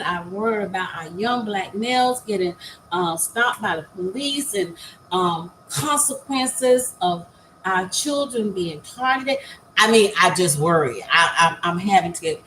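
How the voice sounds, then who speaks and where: An older woman talking casually to her viewers as a new content creator, earnest and heartfelt, pausing often with many fillers and repeated words. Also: mid-range voice, expressive, a bit bright, low-quality recording. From United States. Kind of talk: casual vlog talk to viewers. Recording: faint background noise.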